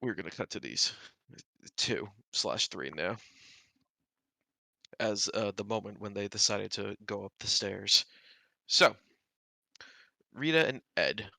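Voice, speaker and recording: A male game master narrates a tabletop game in a relaxed way, with plenty of fillers. His voice is fairly low but bright and forceful. He is recorded close and dry. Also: slow pace, vocal fry, pauses often, no echo.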